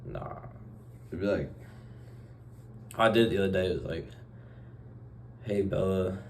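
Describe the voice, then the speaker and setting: Young male vlogger, deep voice, rambling deadpan delivery with acted-out dialogue, faint room hum behind. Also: moderate pace. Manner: acts out short dialogue exchanges. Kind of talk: casual vlog monologue.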